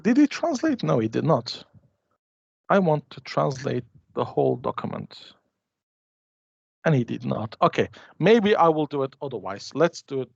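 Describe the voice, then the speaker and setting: Man demoing software, dull audio. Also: mid-range voice, gravelly, no room sound. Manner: chatty, restarts and hesitates while clicking through a demo. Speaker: conference presenter. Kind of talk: live software demo.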